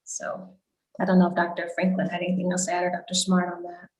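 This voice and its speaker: A woman's voice: lowish voice, completely flat delivery, fast. A woman doctor on a video call town hall, explaining health guidance in a reassuring way. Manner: reassuring, explanatory, frequent "you know". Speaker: doctor panelist.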